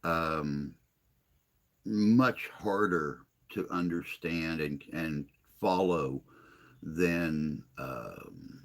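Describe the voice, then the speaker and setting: A man hosting a casual livestream chat, answering viewer comments in a rambling, hesitant way with long pauses. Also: extremely low pitch, animated. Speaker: livestream host.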